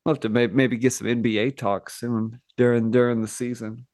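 A man's voice: medium pitch, little pitch movement, a little fast, darkish tone, no echo, studio quality. A man hosting a podcast in casual chat, easygoing and upbeat as he wraps up and thanks listeners. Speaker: podcast host.

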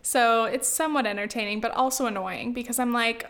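A young woman from the US West Coast rambles through a casual vlog, her voice pitched a little high. She fills her talk with "like" and "you know", with sighs and laughs scattered through. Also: brisk, fairly bright tone. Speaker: vlogger.

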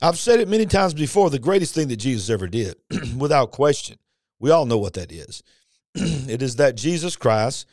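A man's voice: fairly high pitch, a little mellow, no room sound, clean studio sound. A man preaching a podcast sermon, fervent and emphatic, firing rhetorical questions at his listeners.

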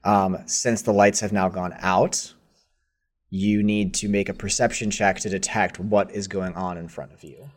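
A man's voice: deep voice, steady tone, a little slow. A man narrating as game master in casual, hesitant speech full of fillers.

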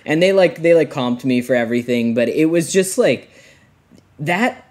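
A man's voice: fairly high pitch, animated, moderate pace, a little mellow. Rambling young man telling a story. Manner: rambling, lots of "like" fillers, laughs between lines. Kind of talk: casual storytelling.

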